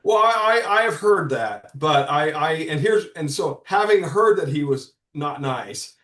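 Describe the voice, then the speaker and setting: A man's voice: on the high side, animated, unhurried, a bit bright. 50s guy rambling through podcast stories, stumbles over his words, swears some, echoey room. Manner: rambling, frequent restarts and profanity. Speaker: comics publisher guest. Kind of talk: casual podcast storytelling.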